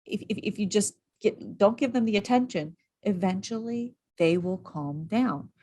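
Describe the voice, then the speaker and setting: A woman coach giving parenting advice in a casual interview, quick and animated, acting out what she would say. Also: mid-range voice. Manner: animated, quick, acts out quoted lines. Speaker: parenting and school behavior coach.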